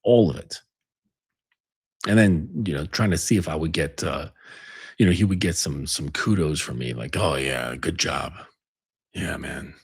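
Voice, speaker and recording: A man's voice: extremely low pitch, lively intonation, normal speed, long pauses, darkish tone, husky. A man giving relationship advice in a casual monologue, rambling and blunt, swearing freely with lots of fillers. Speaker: relationship coach.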